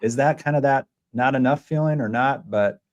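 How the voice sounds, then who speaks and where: A man hosting a casual interview podcast, retelling stories with lively quoted voices. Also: moderate pace, muffled recording. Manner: animated storyteller, voices quotes in a high excited tone. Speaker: podcast host.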